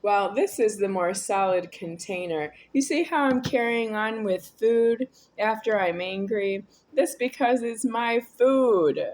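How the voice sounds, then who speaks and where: Woman video creator, unhurried and rambling, talking solo to camera in repeating loops. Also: mid-range voice. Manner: rambling, repetitive, swings between quiet and raised.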